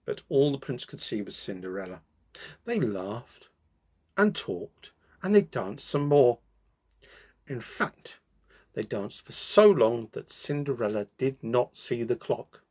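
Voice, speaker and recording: A man reading a fairy tale aloud, with slow, expressive pacing and dramatic pauses. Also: medium pitch. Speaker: storyteller.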